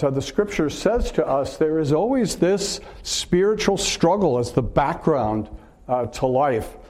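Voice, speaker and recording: A man preaching a sermon in an earnest way, asking rhetorical questions and pausing on filler words. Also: a little high, a little mellow.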